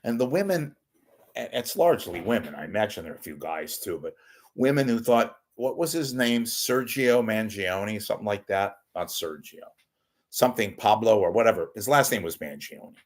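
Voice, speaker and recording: With an expressive voice on the low side and a normal pace, this man rambles through wisecracking solo commentary as host of a live online talk show, alternating loud outbursts with muttered asides.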